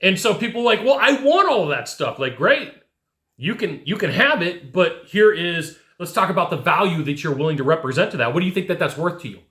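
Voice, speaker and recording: A man with a high, forceful voice coaches his listeners with animated, direct talk, often tossing in "right?" to check they follow. His voice rings in a roomy, echoey space. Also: a little fast. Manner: animated, talks straight to the listener, keeps asking "right?". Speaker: sales coach. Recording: echoey room.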